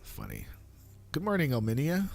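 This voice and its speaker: A man's voice: huge pitch swings, moderate pace, gravelly, soft background music. A man in his thirties chatting casually on a live stream, rambling with fillers and restarts. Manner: high squeaky voice when quoting his young son.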